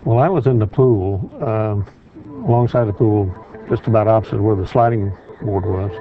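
An older man, a grandfather, giving a measured, factual eyewitness account as a TV guest. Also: on the low side. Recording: tinny phone-like sound with faint noise.

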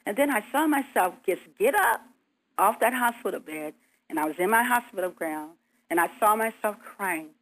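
A woman telling her story in an earnest, vivid way, voice at an ordinary middle pitch. She acts out her own pleas as she goes. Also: expressive, normal speed, a bit bright, poor audio. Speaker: guest. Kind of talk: recounting a near-death experience.

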